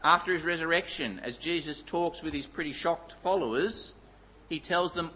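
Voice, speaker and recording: A man preaching a sermon, emphatic, dropping to low, intense tones for stress. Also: normal speed, husky, muffled recording.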